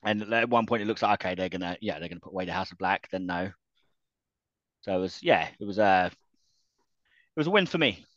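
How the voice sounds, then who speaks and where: A man's voice: deep voice, expressive, a little fast, pauses often, fairly bright tone, no room sound, muffled recording. A man chatting casually about wrestling as a podcast co-host, laughing often and restarting his sentences.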